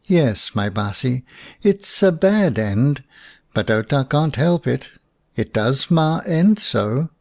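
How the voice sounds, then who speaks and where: A man's voice: mid-range voice, expressive, slow pace, gravelly, darkish tone. A man doing a sly old storyteller, Outa. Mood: wry. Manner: drawling folksy speech with Afrikaans words.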